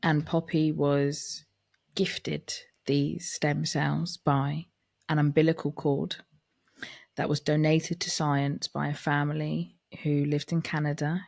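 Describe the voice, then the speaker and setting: Low-voiced woman, candid podcast monologue. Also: level tone, slow pace, creaky, darkish tone, no room sound, clean studio sound. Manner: candid and chatty, acting out family dialogue. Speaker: podcast host. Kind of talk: personal reflective monologue.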